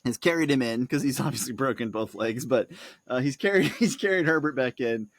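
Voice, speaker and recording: A man co-hosting a podcast, casually retelling a film with lots of laughter, jumping into high squeaky voices for the characters. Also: animated, a little fast, no room sound. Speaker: podcast co-host.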